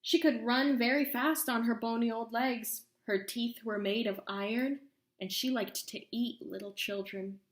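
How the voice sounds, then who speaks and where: A woman with a somewhat high voice reads a children's storybook aloud, drawing out lines for suspense. The sound bounces around an echoey room. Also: steady tone, unhurried. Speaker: storyteller reading a children's book. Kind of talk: read-aloud story narration.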